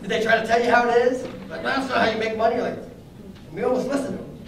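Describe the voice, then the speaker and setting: A young adult man giving a lively motivational training talk to a live group, telling stories and putting questions to the audience. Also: very high-pitched, very fast, a crowd in the background. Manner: energetic, storytelling, asks the audience questions. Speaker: network marketing trainer. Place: training room before an audience. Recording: very echoey room, mic at a distance.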